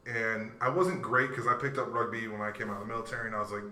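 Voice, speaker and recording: A man co-hosting a casual talk show, telling animated stories, acting out quotes and laughing often. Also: lowish voice, fast talker, a little hiss or hum. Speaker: podcast co-host. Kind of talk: casual chat. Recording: echoey room, off-mic.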